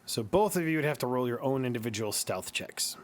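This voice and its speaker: A man's voice: medium pitch, animated, brisk, slight background noise. A man with a Midwestern accent, running a tabletop game as game master and explaining the rules in a casual, rambling way. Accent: Midwestern American.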